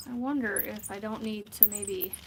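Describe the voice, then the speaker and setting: A crochet vlogger with a medium-pitched, steady voice chats casually during a crafting livestream, talking at normal speed. She rambles and laughs often as she works, with slight background noise.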